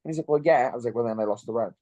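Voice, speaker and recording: A man's voice: mid-range voice, rapid-fire, mellow, dry recording. A young man, a fighter in an interview, talking bluntly and swearing freely. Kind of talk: casual interview chat.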